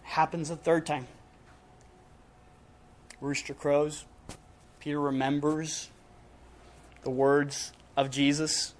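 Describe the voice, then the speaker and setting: A man preaching a sermon in a casual, emphatic way, with dramatic pauses between short punchy phrases. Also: a little high, little pitch movement.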